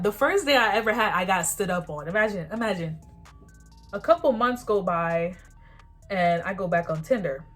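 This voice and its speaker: A 21-year-old woman vlogger telling a candid story in casual talk, animated, laughing often and using slang. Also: medium pitch. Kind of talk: casual storytime while getting ready.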